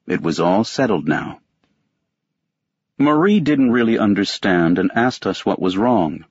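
A man with a very low, slightly husky voice reads a novel in the first person. His delivery is measured and detached. The recording is dry and close, with a somewhat muffled, dull tone. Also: dry recording. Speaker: audiobook narrator. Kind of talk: scripted narration.

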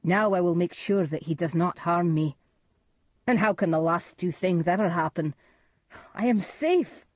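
Woman doing a freaked out haunted king yelling at ghosts, husky voice, dry sound. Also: lowish voice, unhurried, no echo. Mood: agitated. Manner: frantic, crying out. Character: tormented haunted Scottish king, man.

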